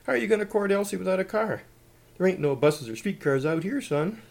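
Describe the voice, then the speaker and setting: A man's voice: high-pitched, animated, brisk, vocal fry, pitched above the performer's own voice. Folksy bossy country schoolmarm, swoopy and raised, as a male narrator puts her on. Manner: folksy, commanding.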